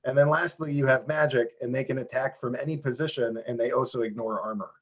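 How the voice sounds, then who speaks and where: Brief: husky man on a video call, animated explainer full of restarts. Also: medium pitch. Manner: animated, talks fast with many restarts and fillers. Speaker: game developer guest. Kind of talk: casual interview explaining a game.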